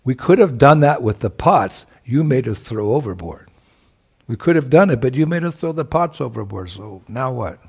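A man's voice: mid-range voice, animated, moderate pace, creaky, slightly rough. Angry young village women in chorus, reproachful and indignant, voiced by a male storyteller; told-story feel.

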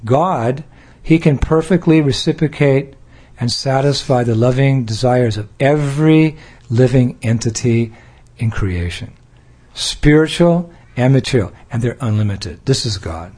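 A man's voice: mid-range voice, measured pace, a little mellow. An older American man giving a devotional talk, playful, acting out little scenes and laughing along. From United States. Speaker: spiritual teacher.

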